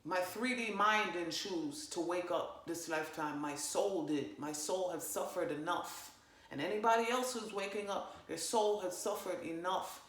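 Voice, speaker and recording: A woman giving a casual spiritual monologue, swearing freely and talking with emphatic, animated energy. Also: fairly low pitch, a little slow. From parents from Jamaica. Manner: profane, animated, emphatic, fillers. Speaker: spiritual channeler vlogger. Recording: roomy echo.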